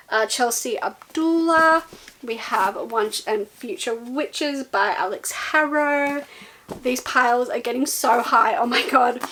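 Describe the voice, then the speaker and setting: Chatty higher-voiced young woman. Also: fairly bright tone, poor audio. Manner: chatty, rambling, with ums and laughs. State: running out of breath. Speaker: booktuber. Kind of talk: casual book haul chat.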